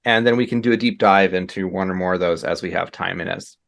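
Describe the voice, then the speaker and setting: A man's voice: sits low, fast talker, gravelly, a bit bright. A man speaking as a guest on a casual podcast, talking in an easygoing, reflective way and laughing readily. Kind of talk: casual interview chat.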